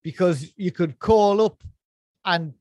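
A man's voice: high voice, takes it slowly, a little mellow. A man co-hosting a casual podcast, chatting about old children's TV, laughing often and trailing off mid-sentence. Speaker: podcast co-host. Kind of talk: casual chat about nostalgic kids' TV.

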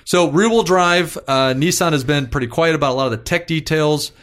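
A man's voice: a little high, a little fast, a bit bright. A man co-hosting a casual car news show, running through specs and adding dry quips.

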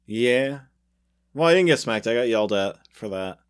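A man's voice: mid-range voice, moderate pace, clear, resonant tone. A man, a podcast co-host, chatting casually and joking with his co-host. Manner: joking, teasing, animated when retelling stories. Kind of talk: casual chat.

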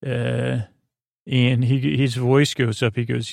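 A man hosting a bedtime podcast, recapping a TV episode in a meandering way, halting often with fillers. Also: mid-range voice, level tone, vocal fry, darkish tone, no room sound, clean studio sound. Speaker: podcast host.

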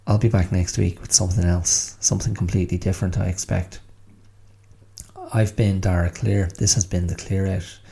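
A man's voice: low-pitched, little pitch movement, moderate pace, creaky, warm tone. A man hosting his own solo podcast, talking in a wry, self-mocking, chatty way. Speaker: podcast host.

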